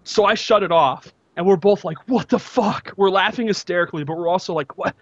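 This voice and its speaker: A man with a high voice tells a story on a podcast, throwing himself into every quote and shout. The sound is close and dry, with a slightly muffled top end. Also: fast, no echo. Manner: animated, acts out shouts and quotes. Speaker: podcast co-host. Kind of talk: casual storytelling chat.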